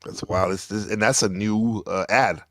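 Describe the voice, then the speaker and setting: Low-voiced man in laid-back casual commentary. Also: steady tone, moderate pace, dry recording, studio quality. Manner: laid-back, slangy, chuckles while talking. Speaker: reaction video host. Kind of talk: casual commentary over an old clip.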